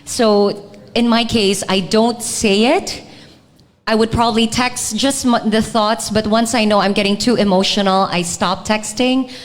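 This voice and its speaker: A woman's voice: medium pitch, steady tone, unhurried, big-room sound. A Filipino woman co-hosting a live podcast, speaking reflectively and dropping Tagalog words into her English. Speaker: podcast co-host.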